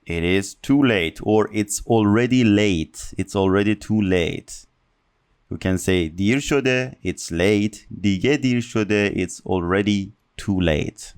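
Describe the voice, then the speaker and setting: Slow-explaining male teacher. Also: lowish voice, clean tone. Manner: reads Persian examples quickly, then explains slowly in English. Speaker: Persian language teacher. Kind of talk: language lesson, explaining example sentences.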